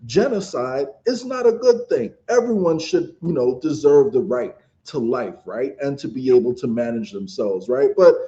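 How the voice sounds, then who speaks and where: Co-host, male, very dark mellow tone, dull lo-fi sound, rambling casual delivery. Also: medium pitch, animated, moderate pace, few pauses. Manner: rambling, many fillers like "like" and "you know". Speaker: podcast co-host. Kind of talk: casual political podcast chat.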